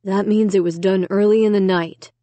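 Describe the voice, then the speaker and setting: A woman's voice: mid-range voice, steady tone, warm tone, dry recording, lightly acted. A woman reading a grave, solemn father. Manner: grave, measured. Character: solemn, worried middle-aged father.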